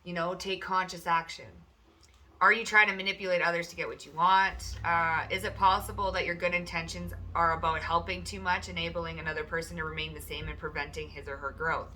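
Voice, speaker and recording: A woman giving a chatty, loose pick-a-card tarot reading at home, often slipping into high, animated voices for the people she describes. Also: fairly quick, a little hiss or hum.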